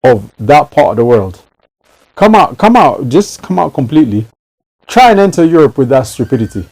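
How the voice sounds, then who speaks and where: A man's voice: a little high, sing-song, normal speed, a little mellow, low-quality recording. A man in casual chat who talks emphatically and repeats phrases to drive a point home.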